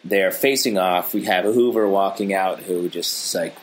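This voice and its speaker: A man with a fairly low voice, talking in a loose, easygoing way as he recaps a TV episode. He keeps slipping into goofy riffs while he chats with a co-host. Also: normal speed, a little hiss or hum. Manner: joking, easygoing, drifts into silly riffs. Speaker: podcast co-host. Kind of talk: casual TV recap chat.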